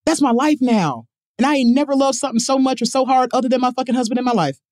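A woman's voice: high voice, fast, no echo, studio quality. A woman in her forties, a guest on a casual podcast, telling brash, profane stories. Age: 40s. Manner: brash, profane, animated storyteller. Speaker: guest, professional dominatrix. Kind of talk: casual podcast chat, storytelling.

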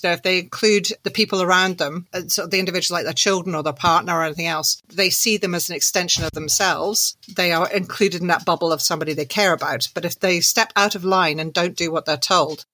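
A woman, an author telling her story as an interview guest, animated and laughing through her anecdotes. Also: fairly low pitch. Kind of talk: conversational storytelling.

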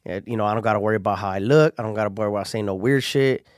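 A man's voice: on the low side, rapid-fire, no room sound, studio quality. A man who is a comedian, chatting casually in laid-back slang, calling people homie and laughing often. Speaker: comedian guest. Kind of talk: casual chat.

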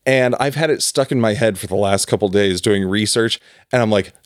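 A man's voice: lowish voice, a little fast, no echo, clean studio sound. A man, a podcast co-host, chatting loosely and joking, with casual swearing. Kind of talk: casual chat.

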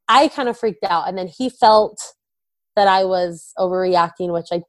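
A woman's voice: fairly low pitch, moderate pace, no echo. A young woman candidly telling an emotional personal story, often quoting herself and her husband. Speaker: guest, wife of a recovering addict.

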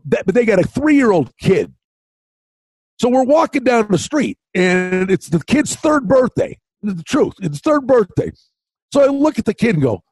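An older man co-hosting a podcast, chatting casually and telling stories animatedly, loudly acting out the people in them. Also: on the high side, breathy edge, dry recording. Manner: animated storyteller, acts out quotes loudly. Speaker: podcast co-host. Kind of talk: casual chat. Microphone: remote call mic.

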